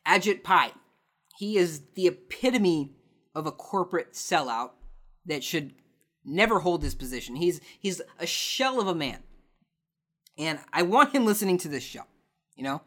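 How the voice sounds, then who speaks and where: A man's voice: high voice, sing-song, moderate pace, pauses often, a bit bright. A man hosting a podcast, answering listener questions in a sarcastic, ranting casual chat. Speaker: podcast host.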